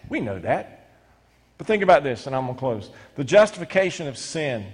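A middle-aged male pastor preaching a sermon, animated and stumbling into quick restarts as he reads scripture and explains it. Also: a little high, slightly rough. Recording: long hall reverb.

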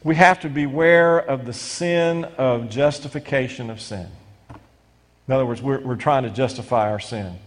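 A middle-aged male pastor preaching a sermon, animated and stumbling into quick restarts as he reads scripture and explains it. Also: mid-range voice. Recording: long hall reverb.

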